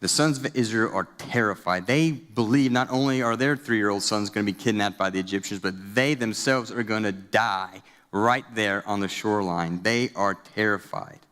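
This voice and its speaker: Animated pastor in a reverberant hall. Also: male voice, lowish voice, normal speed, few pauses, smooth. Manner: conversational and animated, with casual fillers. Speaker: student pastor. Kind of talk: storytelling sermon. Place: church sanctuary.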